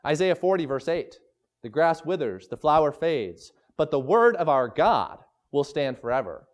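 A man preaching a sermon as pastor, emphatic, slowing down to stress scripture quotes. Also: on the high side, lively intonation.

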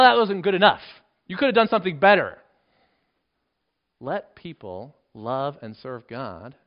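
A man delivers a sermon in an earnest, emphatic way, his voice sitting a little high for a man. He drops to a hushed tone on key points. The recording is dull and lo-fi. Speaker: pastor.

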